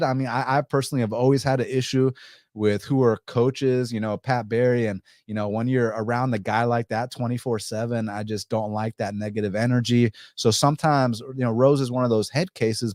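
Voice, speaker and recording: A man's voice: mid-range voice, a little mellow, no echo, studio quality. A man hosting a casual fight-betting show, rambling and profane, with many restarts. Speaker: podcast host.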